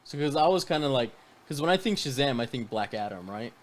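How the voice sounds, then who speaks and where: A man chatting casually on a movie review podcast. He swears freely and breaks into loud laughs and shouts when something excites him. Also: medium pitch, fast talker. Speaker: podcast co-host.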